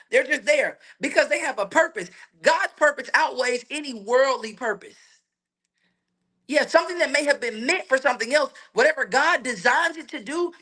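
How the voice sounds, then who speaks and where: A man preaching a sermon in a colloquial, energetic way, asking rhetorical questions and repeating his points. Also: very high voice. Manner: colloquial, laughs between points.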